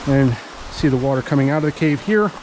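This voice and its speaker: A man's voice: mid-range voice, animated, fast talker, background noise. A middle-aged man, chatting casually as he vlogs outdoors by a cave. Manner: folksy and chatty, talks sweetly to a stray dog. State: out of breath from climbing a hill. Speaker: vlogger. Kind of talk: casual outdoor vlog narration.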